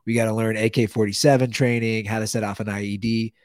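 A man voicing a gruff male camp trainer with a put-on Middle Eastern accent. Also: on the low side, flat delivery, fast, a little mellow, no room sound, studio quality, lightly acted. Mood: mock-serious.

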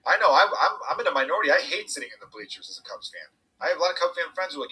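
Young male podcast guest, rapid and bright, husky edge, animated storyteller. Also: a little high, low-quality recording. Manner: animated storytelling, swearing, quoting others. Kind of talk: casual chat.

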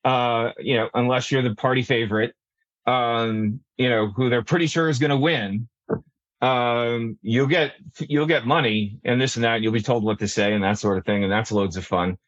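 A man's voice: medium pitch, fairly even intonation, moderate pace, dry recording, dull audio. A man talking through a policy discussion, rambling with many restarts and fillers. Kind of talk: casual panel discussion.

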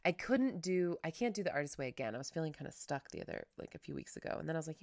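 Low-voiced woman rambling on her podcast, self-deprecating, lots of "like", dry close mic. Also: sing-song, fast talker, creaky, few pauses, dry recording. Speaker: podcast host. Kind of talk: casual solo podcast talk.

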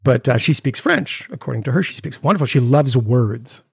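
Gravelly sarcastic guy ranting on a podcast, dry close mic. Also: mid-range voice, moderate pace, no room sound. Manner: sarcastic, mocking, animated rants. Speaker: podcast co-host. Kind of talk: casual chat.

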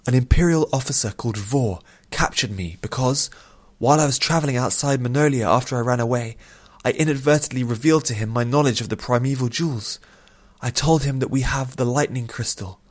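Young princess voice from a guy reading, earnest and pleading, pitched high, storybook. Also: fairly quick, natural voice. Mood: remorseful. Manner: pleading, apologetic, urgent. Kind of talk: audiobook character voice.

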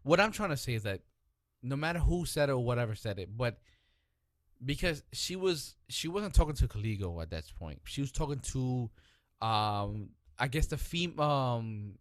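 A man's voice: mid-range voice, dry recording. A man chats loosely and animatedly, swearing as he goes. His voice sits mid-range and sounds dry, close to the mic with no room around it. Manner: animated, profane, restless, quick to interrupt. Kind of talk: casual chat.

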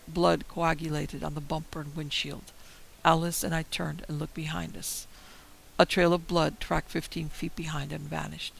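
Gravelly man narrating horror. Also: on the high side, fairly bright tone, slight background noise, poor audio. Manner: measured, tense storytelling. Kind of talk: scripted first-person horror narration.

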